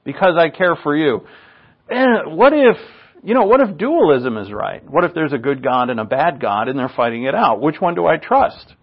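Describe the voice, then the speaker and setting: A man's voice: big pitch swings, moderate pace, slightly rough. Earnest male preacher, lo-fi sound. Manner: earnest, rising in pitch on rhetorical questions. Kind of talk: sermon.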